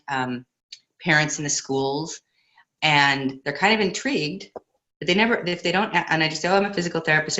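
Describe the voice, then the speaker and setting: A woman co-hosting an online book club discussion, chatty and quick to laugh. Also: low-pitched, fairly bright tone, lo-fi sound. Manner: chatty, laughs often, quotes others in voices.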